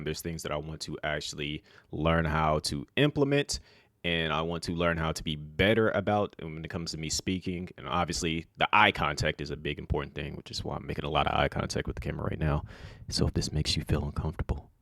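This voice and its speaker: Man vlogging, extremely low voice, monotone, laid-back, dry close sound. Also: fairly quick, dry recording. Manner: self-described monotone, relaxed and rambling with fillers. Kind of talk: casual talk to camera.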